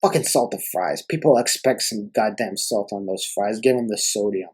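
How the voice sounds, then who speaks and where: A man's voice: on the low side, moderate pace, darkish tone, breathy edge, low-quality recording. A young man hosting a podcast, ranting in an exasperated, profane way. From Canada. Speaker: podcast host.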